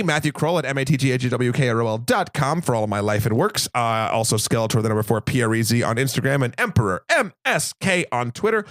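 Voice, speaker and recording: A man's voice: mid-range voice, a bit bright, no echo, clean studio sound. A man hosting a casual film podcast, rambling and self-correcting in a playful way. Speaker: podcast host.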